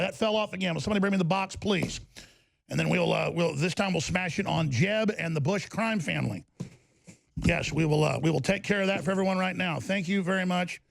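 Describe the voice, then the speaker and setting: A man's voice: on the high side, gravelly. A middle-aged man hosting a talk radio show, ranting with energy and tripping over his own restarts in the studio. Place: broadcast studio.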